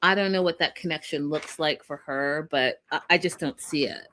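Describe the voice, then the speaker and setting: A woman's voice: deep voice, moderate pace, bright, forceful tone, slight background noise. A woman co-hosting a casual TV recap show, chatting directly to her viewers and laughing often. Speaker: podcast co-host.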